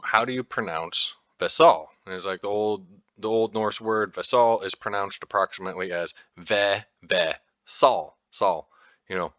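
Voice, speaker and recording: A man's voice: low-pitched, bright, forceful tone, dry recording, lo-fi sound. An American man talking casually as a podcast host, rambling with lots of fillers and restarts and the odd swear word. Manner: informal, occasionally profane. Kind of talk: casual explanatory talk.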